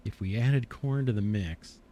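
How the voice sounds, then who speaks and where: A man narrates his let's play casually, thinking out loud as he builds and correcting himself along the way. His lowish, dark-toned voice is unhurried and a little worn, as though he's slightly losing it.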